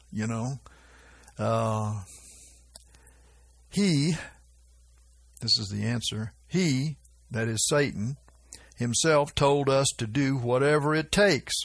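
A man preaching informally about prophetic dreams, with frequent chuckles and a slow, drawling delivery. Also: medium pitch, dry recording. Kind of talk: informal religious teaching.

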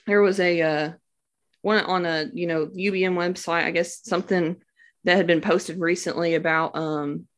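A young woman with a somewhat low voice tells her story casually and warmly devout. She talks in a loose, chatty way, full of fillers and words of praise. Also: fairly even intonation, moderate pace. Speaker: new mother sharing a birth story. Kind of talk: casual personal testimony.

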